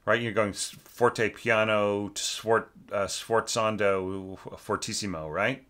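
A man's voice: on the low side, fairly even intonation, slow pace, a bit bright. A man teaching orchestration, giving a rambling, casual critique of a student's score, full of fillers and sung-out rhythms.

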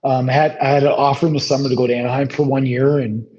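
A former pro hockey player in his 30s, speaking fast at a medium pitch, tells a long anecdote as a guest in a casual storytelling interview. He is loose and relaxed, rambling with lots of ums, fillers, and restarts. The sound is slightly dull and lo-fi.

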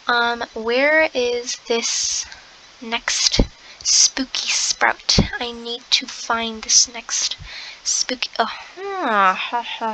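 A young woman commenting on her game play, excitable, gasping often and slipping into soft half-whispered asides. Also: fairly high pitch, slight background noise, low-quality recording. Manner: excitable, gasping, lots of exclamations. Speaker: gamer.

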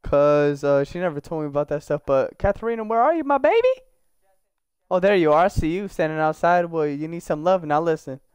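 A man's voice: on the high side, fairly even intonation, fairly quick, few pauses, darkish tone, clean tone, dry recording, highs cut off. A young man giving casual, slangy gameplay commentary, joking and talking to the characters in his game. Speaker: gaming YouTuber.

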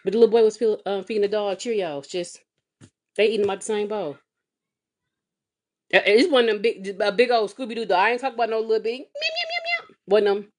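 A woman vlogging as a mother, telling a comedic, exasperated story with sassy, animated delivery and big swings in pitch. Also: fast. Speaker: mother of a kindergartner. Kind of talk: comedic storytelling vlog rant. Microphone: phone or webcam vlog.

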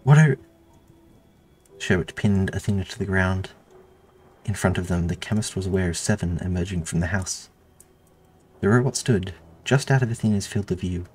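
A man reading his own story aloud in a steady, measured narration. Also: sits low, breathy edge, soft background music. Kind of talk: audiobook narration.

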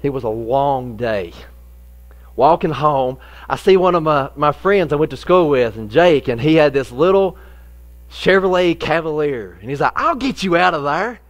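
A middle-aged man, a pastor telling a folksy personal story in a sermon, lively in the funny parts and quieter when serious. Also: on the high side, moderate pace.

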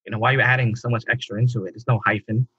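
A man's voice: mid-range voice, steady tone, racing, a bit bright, breathy edge, no echo, lo-fi sound. A man from the Bronx, co-hosting a podcast in a laid-back, opinionated way. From New York (the Bronx). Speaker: podcast co-host. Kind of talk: casual chat.

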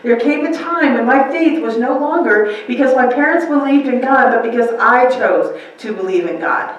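A woman's voice: fairly high pitch, lively intonation, normal speed, distant mic, highs cut off. Woman pastor preaching in an echoey church. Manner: conversational, rhetorical questions, acts out quotes. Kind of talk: sermon. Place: church sanctuary.

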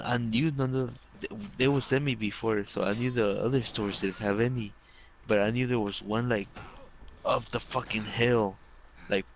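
A man's voice: lowish voice, slight background noise, rough recording. A young man telling rambling childhood stories to friends in casual chat, full of swearing and fillers. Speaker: storyteller among friends.

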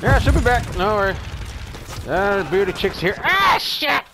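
A man's voice: high voice, very animated, measured pace, noisy background. A man playing an online shooter, joking crudely and swearing as he plays. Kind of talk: casual gameplay banter. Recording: gunfire game audio under voice.

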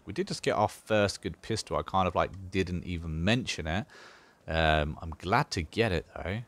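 A man's voice: low voice, lively intonation, normal speed, fairly bright tone. A man casually talking through a strategy game as he plays, thinking aloud with dry sarcasm. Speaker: gaming channel host. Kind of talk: casual gameplay commentary.

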